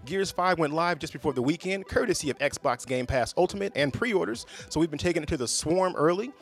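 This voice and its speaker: A man hosting a gaming podcast, with relaxed, joking banter among friends. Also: a little high, a little fast. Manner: joking, laid-back banter. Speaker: podcast host. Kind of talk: casual gaming podcast chat.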